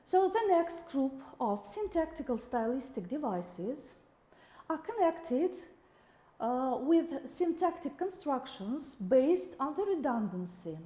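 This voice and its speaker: A woman's voice: sits high, very animated, takes it slowly, dark tone, reverberant. A woman with a Russian accent giving a recorded video lecture, reading examples aloud with the odd restart.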